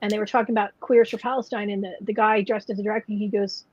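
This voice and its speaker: A woman's voice: mid-range voice, little pitch movement, quick pace, slightly rough, dry recording. A woman co-hosting a casual chat podcast, rambling with lots of "like" and "you know" fillers. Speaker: podcast co-host. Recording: dull lo-fi podcast audio.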